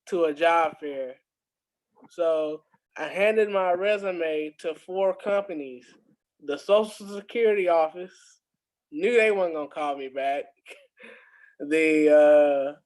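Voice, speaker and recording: A man's voice: a little high, rough recording. A young adult man, a podcast guest, telling a story in casual talk, laughing often and acting out the dialogue. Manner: animated, laughs often, acts out quoted dialogue.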